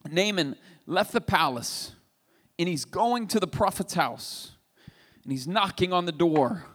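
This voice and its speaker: A man preaching a sermon, retelling a story with animated, emphatic delivery. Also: high-pitched, measured pace. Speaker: pastor. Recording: reverberant hall.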